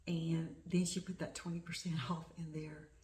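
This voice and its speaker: A middle-aged woman from the United States, hosting a crafting vlog and chatting excitedly about her shopping. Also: low-pitched, moderate pace. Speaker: flosstube host. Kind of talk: casual crafting vlog chat. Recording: echoey room.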